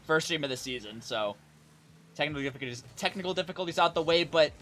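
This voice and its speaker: Bright-voiced young man casting a game. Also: fairly high pitch, lively intonation, quick pace, a little hiss or hum. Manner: chatty, self-deprecating, says bro. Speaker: esports caster. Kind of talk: casual game commentary. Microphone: desk mic with face cam.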